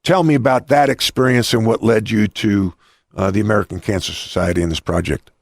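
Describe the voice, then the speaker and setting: A man's voice: on the low side, brisk, creaky, no echo, clean studio sound. A middle-aged man hosting an interview, telling stories with many restarts. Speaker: podcast host and coach. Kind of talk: conversational interview.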